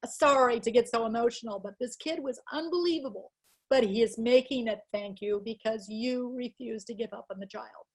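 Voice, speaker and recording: This woman's voice is fairly high, dark-toned and slightly rough, and she speaks a little fast. An educational psychologist appearing as a guest speaker, she gives an earnest, emotional webinar talk over a video call, acting out the people in her stories.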